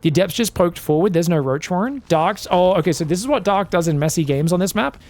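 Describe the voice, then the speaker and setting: A man giving solo commentary on a strategy game match, excitable and chatty, bursting into shouted reactions and talking straight to his viewers. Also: high voice, fast. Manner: chatty asides, addresses viewers as guys. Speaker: esports caster.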